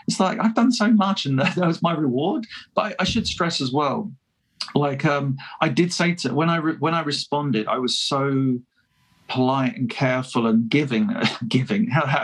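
A man's voice: fairly high pitch, moderate pace, husky, poor audio. A man telling a story in a casual interview, chatty and self-deprecating, laughing often and restarting his sentences. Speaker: fan filmmaker guest.

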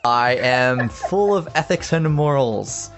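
Male podcast co-host, relaxed slow talker, lively pitch, jokey. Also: music in the background. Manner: joking, laughs often. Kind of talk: casual chat.

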